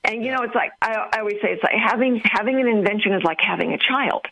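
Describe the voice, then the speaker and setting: A woman co-hosting a radio talk show over the phone, chatty and animated, acting out what other people say. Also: on the high side, fast, gravelly. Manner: animated, chatty, acts out quotes. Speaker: radio co-host. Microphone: phone line. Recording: phone line.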